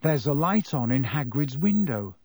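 A man's voice: mid-range voice, very animated, normal speed, a little mellow, no room sound, clean studio sound. A man doing a matter-of-fact teenage boy. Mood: pointed.

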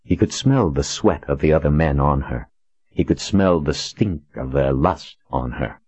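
A man narrating a story in a steady, deliberate reading style. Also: rumbling low, slightly rough, no echo. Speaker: audiobook narrator. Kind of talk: scripted narration.

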